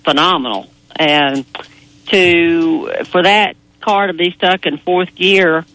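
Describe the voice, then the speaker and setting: Speaking slowly in a fairly low, slightly bright voice, a woman chats eagerly on a racing panel, pausing now and then as she weighs her picks. The audio is poor, with no room sound.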